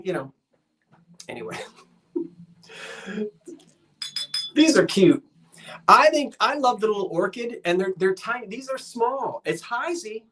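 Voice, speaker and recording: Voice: mid-range voice, a bit bright. A live-stream sale host in a shop, chatting casually with a rambling, self-deprecating manner, reading out viewer comments and counting down bids. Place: shop, indoors.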